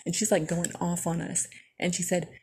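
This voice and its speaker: A young woman hosting a podcast, telling stories in a casual, animated way and swearing freely. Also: lowish voice, moderate pace, breathy edge. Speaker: podcast host. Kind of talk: casual storytelling.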